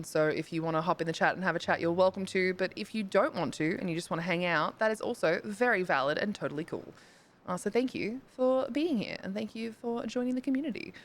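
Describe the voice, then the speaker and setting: A woman's voice: mid-range voice, fairly bright tone. A young woman streaming a game live, chatting with viewers and thinking aloud, swearing casually and breaking into squeals. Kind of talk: casual live-stream chat while playing.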